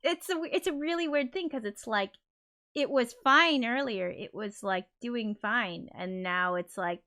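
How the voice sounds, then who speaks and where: A woman's voice: mid-range voice, measured pace, pushed and bright. A woman hosting a casual livestream, flustered and apologetic as she talks, swearing under her breath. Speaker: livestream host.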